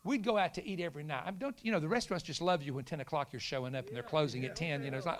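Animated preacher man, high voice. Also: rapid-fire, few pauses, a loud crowd. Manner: animated, acts out quoted voices, shouts punchlines. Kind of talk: storytelling sermon.

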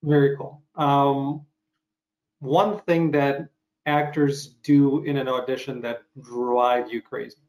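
A man's voice: medium pitch, flat delivery, takes it slowly, darkish tone. A man interviewing a guest, who talks about his own auditions in a loose, rambling way, thinking aloud. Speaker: interviewer and actor. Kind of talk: casual interview talk.

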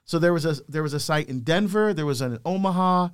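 Middle-aged guy telling stories, kinda high voice, acts out the quotes, lively. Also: fast, clean tone. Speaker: deacon and guest speaker. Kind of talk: animated personal storytelling.

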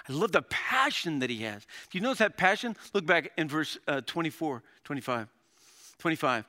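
A middle-aged male pastor preaching a sermon, animated, with dramatic readings and laughs. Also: on the high side, a little fast.

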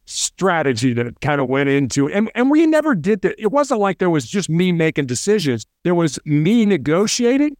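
A man who is a former SWAT hostage negotiator, talking fast in an interview and often restarting with repeated words. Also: on the high side, sing-song, no room sound, studio quality. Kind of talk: casual interview storytelling.

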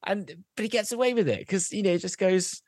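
A man's voice: high voice, fairly quick, a little mellow, no room sound, studio quality. A young man, a podcast co-host, telling a long rambling joke, losing his place and starting over. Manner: rambling, loses track, restarts.

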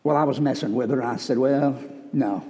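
A man's voice: mid-range voice, steady tone, rapid-fire, darkish tone. A man preaching a sermon as pastor, telling folksy stories with joking asides. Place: church sanctuary. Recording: reverberant church hall.

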